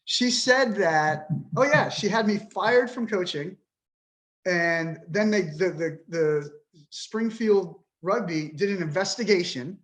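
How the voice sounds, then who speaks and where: A man's voice: high-pitched, slow pace, a bit bright. A man in his fifties, a podcast guest, talking with frustration and swearing bluntly as he vents. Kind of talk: emotional interview talk.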